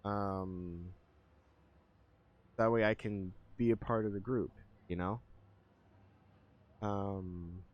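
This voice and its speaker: Very slow and steady, with a lowish voice and frequent pauses, a man thinks aloud while gaming on a live stream and chatting with viewers. His talk is rambling and hesitant, packed with fillers, and the audio sounds dull.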